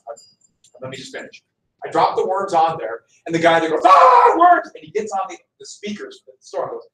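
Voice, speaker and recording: This male high school history teacher from Montana has a lively, higher-pitched storytelling voice and gives his characters their own voices. He's recorded from across an echoey classroom.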